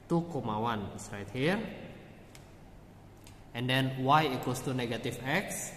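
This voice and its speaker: A man teaching a recorded math lesson, explaining each step slowly and checking in with "okay". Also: mid-range voice, fairly bright tone. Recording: echoey room with faint background noise.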